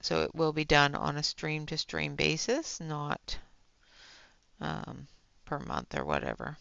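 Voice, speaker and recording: A woman hosts a coloring livestream and chats slowly and easily with her viewers, with lots of fillers and laughter. Her voice is bright and clear with a gravelly edge. The sound is dry and a little dull. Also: low voice, animated, no echo. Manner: chatty, reads and answers chat, laughs often, many fillers. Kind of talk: casual livestream chat while coloring.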